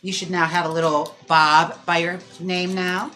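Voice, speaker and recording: A man hosting a livestream in casual chat, talking with lots of fillers and quick laughs. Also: sits high, little pitch movement, sharp tone, slight background noise. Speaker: live-stream host. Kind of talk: casual chat during a wig-styling livestream.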